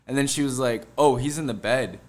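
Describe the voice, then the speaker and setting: A man's voice: medium pitch, brisk, darkish tone. A man co-hosting a podcast, telling a story in loose, laughing casual chat and swearing freely. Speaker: podcast co-host.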